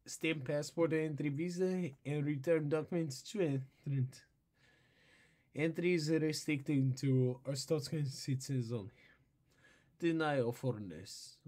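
A man's voice: fairly high pitch, a little slow, darkish tone. A man putting on a stern mock-Russian official. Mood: stern, formal. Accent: mock Russian, put on. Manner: stiff, formal official delivery. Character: stern male state official reading bulletins.

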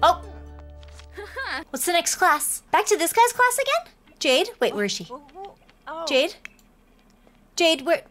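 A woman narrating her life-sim gameplay in casual, chatty commentary, excitable and quick to gasp. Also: very high-pitched, faint music behind. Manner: excitable, chatty, gasps often.

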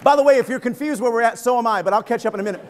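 A man in his fifties, a pastor preaching a sermon in a church, telling jokes and stories with lively, animated energy. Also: very high-pitched, a little hiss or hum. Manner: energetic, joking, animated storytelling. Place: church sanctuary.

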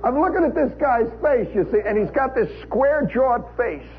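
This American man's voice is extremely high, swinging widely in pitch at a normal speed. He spins a humorous story on live radio in a wry, conversational manner full of "you know" asides. Faint hiss runs under the tinny 1960s broadcast sound.

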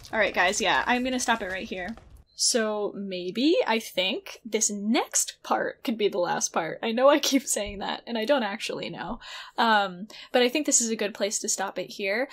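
A young woman commenting on her gameplay, chatty, easily startled and quick to swear. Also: medium pitch, fairly bright tone. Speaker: gaming host. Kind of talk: let's play commentary.

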